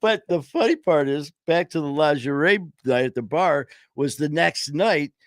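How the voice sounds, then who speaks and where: A podcast host with a voice on the high side chats at normal speed, animated as he rambles through stories on his streamed talk show. Expect lots of fillers, some swearing, and laughing at his own anecdotes; his home streaming mic delivers studio-quality audio without echo.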